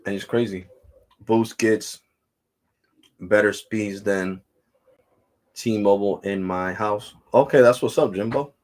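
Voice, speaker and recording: A man's voice: lowish voice, fairly even intonation, takes it slowly, pauses often, a little mellow. A man hosting a tech talk stream, ranting casually and emphatically, with loose swearing.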